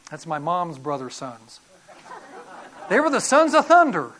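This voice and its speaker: Middle-aged male preacher; animated, folksy sermon delivery with sharp swings from loud to hushed. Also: high voice, unhurried, slight background noise. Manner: animated, folksy storytelling with sudden loud bursts and quiet drops. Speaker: pastor.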